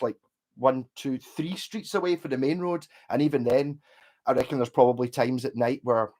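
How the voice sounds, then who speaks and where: A Scottish man talking loosely to his live stream audience, with a mid-range voice that is neither high nor low. He rambles, chats and drops the odd swear word as he goes. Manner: rambling, chatty, casual swearing. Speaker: livestream host. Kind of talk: casual livestream chat.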